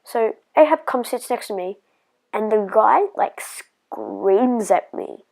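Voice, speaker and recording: A woman's voice: on the high side, lively intonation, takes it slowly, creaky, a little mellow, low-quality recording. A woman telling a personal story in a casual vlog, rambling and hesitant with lots of fillers, sometimes dropping to a whisper.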